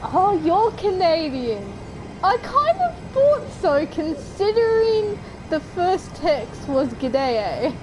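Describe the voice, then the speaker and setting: An Australian woman with a high voice chats at an unhurried pace while she plays a game, rambling and giggling between thoughts. A clear hum of noise sits under her voice the whole time. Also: big pitch swings. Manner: chatty, rambling, with frequent giggles and fillers. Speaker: gaming streamer. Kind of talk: casual chat while gaming.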